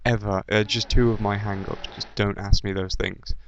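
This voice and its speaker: A man's voice: on the low side, level tone, moderate pace, a little hiss or hum. A young British man with a slight Midlands accent, rambling through a casual video chat with plenty of ums and restarts. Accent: generic British, slight Midlands. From English Midlands. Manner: rambling, hesitant, lots of ums and self-corrections. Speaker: YouTube let's-player. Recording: dull lo-fi voice with faint game music.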